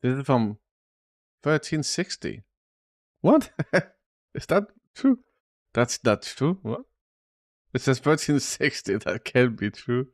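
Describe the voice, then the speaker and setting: A man's voice: mid-range voice, sing-song, slow pace, pauses often, no echo, studio quality. A man live streaming and chatting casually about the news, loose and swearing, calling his viewers "dude" often. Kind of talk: casual chat.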